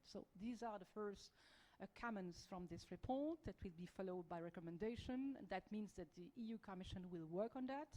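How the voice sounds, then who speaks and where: A woman with a French accent speaks on a policy panel. Her delivery is halting, full of fillers and restarts. Her voice sits at an ordinary middle pitch. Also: warm tone, low-quality recording. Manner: hesitant, many fillers and restarts. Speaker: panelist, EU diplomat. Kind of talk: panel discussion.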